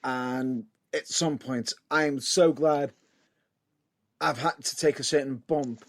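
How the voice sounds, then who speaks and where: A man's voice: mid-range voice, steady tone, slow pace. A man with a British accent, a wrestler in casual chat, laughing often and protesting with repeated no's.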